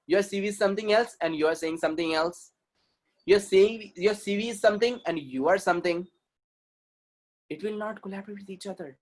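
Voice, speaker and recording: A man's voice: high-pitched, a little fast. A man with an Indian accent gives a webinar talk as a communication trainer. He is emphatic, repeats his points and keeps asking the audience questions. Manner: emphatic and repetitive, asks the audience rhetorical questions.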